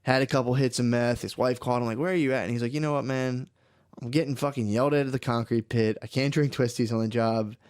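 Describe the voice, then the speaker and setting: A man's voice: mid-range voice, steady tone, fast, a little mellow, smooth. A young man co-hosting a casual comedy podcast, telling a rambling, profane story and laughing through it. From United States. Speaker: podcast co-host.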